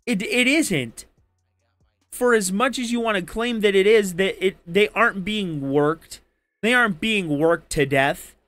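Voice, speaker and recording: Man in a heated political argument, high voice, profane and insulting, dry close mic. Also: a little slow, fairly bright tone, no room sound, faint music behind. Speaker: debate participant.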